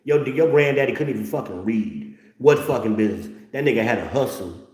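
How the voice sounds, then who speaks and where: A man's voice: medium pitch, animated, a little fast, a little mellow, echoey room. A middle-aged man hosting a blunt, profane, mocking rant. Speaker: host. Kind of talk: ranting commentary.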